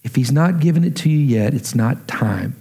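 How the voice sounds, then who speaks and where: A man's voice: lively intonation, normal speed, mellow, husky. A man preaching earnestly as pastor, then leading a prayer and an altar call. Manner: earnest, emotional, rising in pitch as he pleads.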